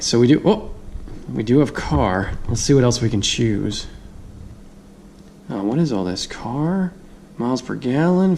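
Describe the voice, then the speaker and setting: A man's voice: medium pitch, a little mellow, a little hiss or hum. A man giving a casual hands-on product review, chatty, thinking aloud and laughing easily.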